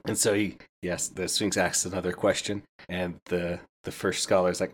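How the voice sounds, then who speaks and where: Deep-voiced man chatting about a book. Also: fairly even intonation, brisk, hardly any pauses. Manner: chatty, laughs at the story, quotes characters. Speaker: book podcast host. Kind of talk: casual spoiler book review.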